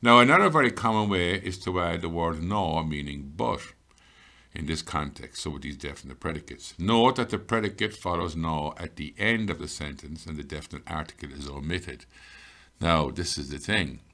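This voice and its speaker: Male teacher, extremely deep voice, patient step-by-step grammar explanations, slows down to read examples. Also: animated, pushed and bright. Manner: explains patiently, reads example sentences slowly. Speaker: Irish language teacher. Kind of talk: classroom grammar lesson.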